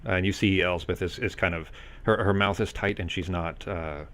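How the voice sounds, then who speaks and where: A man's voice: sits low, fairly even intonation, normal speed, a bit bright. A man narrating as game master in a loose, hesitant way with many fillers.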